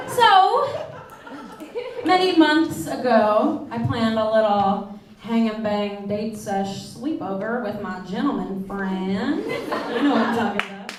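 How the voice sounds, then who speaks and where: A woman's voice: fairly high pitch, very noisy. A young woman doing a stand-up comedy set, oversharing and self-mocking and laughing between her punchlines. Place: theater stage with live audience. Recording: distant, echoey live stage recording.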